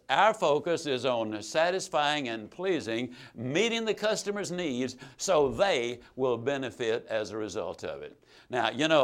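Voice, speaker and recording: A man with a slightly higher voice gives a motivational sales talk. He tells his stories in a folksy, emphatic way, rising loud and dropping soft. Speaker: sales trainer and motivational speaker.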